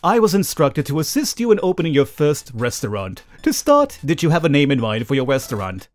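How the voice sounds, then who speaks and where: A man's voice: fairly high pitch, wildly swooping pitch, fairly quick. A man voicing a polite, formal male butler in a game, with stiff, proper diction.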